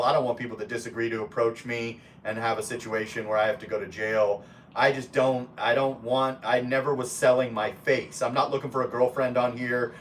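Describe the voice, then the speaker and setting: On a relaxed live stream, a medium-pitched man reads out chat comments and speaks bluntly, full of swearing and rambling side-comments. His mic is distant and picks up a little hiss or hum.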